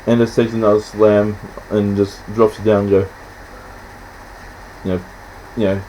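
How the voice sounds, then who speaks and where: Man, rambling casual film chat, halting restarts, faint hum behind. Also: fairly low pitch, little pitch movement, mellow, rough recording. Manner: acts out scenes in quick quoted voices. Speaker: podcast host.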